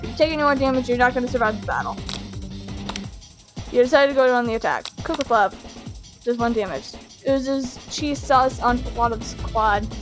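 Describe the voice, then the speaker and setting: Excitable high-voiced woman gamer. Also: over music. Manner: excitable, quick to laugh, mock-outraged. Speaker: gaming streamer. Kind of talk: let's play commentary, reading game text aloud.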